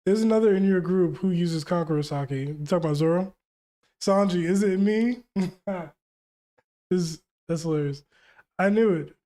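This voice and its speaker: A man's voice: sits high, normal speed, long pauses, warm tone. A young man hosting a live manga reaction, reading lines aloud and reacting in hyped, slangy bursts. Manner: hyped, slangy, reads quotes then reacts.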